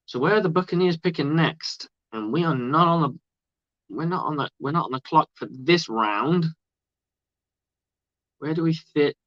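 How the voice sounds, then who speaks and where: Animated and somewhat high-voiced, a livestream host from outside the US speaks at normal speed but with long pauses. He chats and rambles about sports, swearing freely, in a dry, dull lo-fi recording with no echo.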